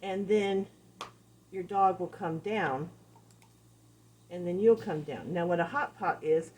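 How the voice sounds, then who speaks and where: A woman dog trainer giving a casual lesson, animated and repeating key phrases as she acts out examples. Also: lowish voice, slow, a little hiss or hum. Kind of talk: casual teaching talk.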